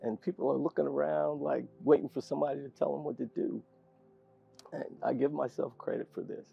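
An older man, a guest in an interview, telling an animated story and laughing often. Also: medium pitch, brisk, vocal fry, slightly rough, soft background music. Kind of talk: storytelling anecdote in conversation. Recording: dull lo-fi sound.

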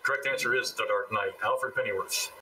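Bright-voiced male trivia host, a bit distant. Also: medium pitch. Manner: counts down briskly, wry asides. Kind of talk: game show hosting, reading questions.

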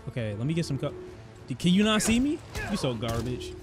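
A young man giving excitable, trash-talking commentary while playing a video game. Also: on the high side, a little fast, music in the background. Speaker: gaming streamer. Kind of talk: let's-play commentary. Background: game soundtrack.

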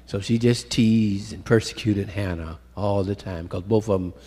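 A man preaching a sermon, swinging from loud calls to hushed storytelling and calling out to the congregation, in a church sanctuary. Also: lowish voice, normal speed, breathy edge. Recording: echoey hall with long reverb.

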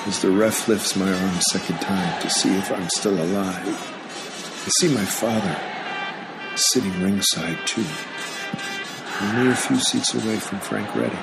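Deep-voiced man narrating a wry memoir. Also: a little slow, gravelly. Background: guitar music.

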